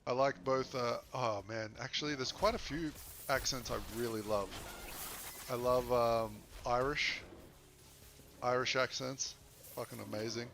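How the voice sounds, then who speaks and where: A man's voice: mid-range voice, steady tone, measured pace, fairly bright tone. A man casually chatting and joking with viewers during a game stream. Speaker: gaming streamer. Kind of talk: casual live-stream chat. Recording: noisy background.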